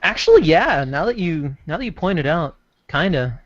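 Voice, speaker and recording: A man playing a tabletop role-playing game, asking friendly quick questions. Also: a little high, big pitch swings, no echo. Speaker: player. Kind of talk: casual tabletop game talk. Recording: dull, dry lo-fi mic.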